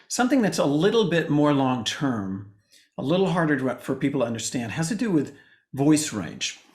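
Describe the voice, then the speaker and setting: Animated man coaching on video call. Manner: animated, swings pitch widely for emphasis. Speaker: communication coach presenting to a meetup. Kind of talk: online presentation talk.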